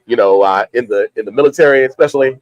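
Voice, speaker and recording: A man's voice: mid-range voice, fast, lo-fi sound. A man hosting a live tasting in a liquor store, chatting easily with his guest and the audience. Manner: easygoing, chatty, with short backchannel replies. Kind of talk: casual live-stream hosting.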